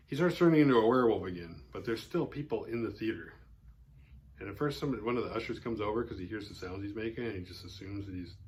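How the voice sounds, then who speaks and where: A man's voice: fairly low pitch, slight background noise. A man hosting a horror film podcast, casually retelling a movie's plot in a loose, rambling way with lots of "like" fillers and a wry aside now and then. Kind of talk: casual spoken film recap.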